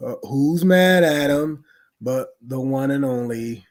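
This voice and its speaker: A man co-hosts a casual podcast at an unhurried pace. His pitch sits in the middle of the range, and he tells his story in a laid-back, chatty way. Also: a little mellow. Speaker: podcast co-host.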